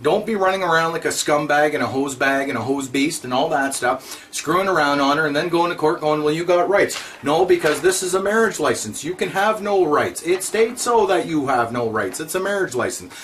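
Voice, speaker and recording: A man's voice: fairly high pitch, animated, brisk, a bit bright, a little hiss or hum. A man giving a blunt, repetitive, scolding monologue to his viewers. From Canada. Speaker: vlogger. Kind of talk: ranting monologue to camera.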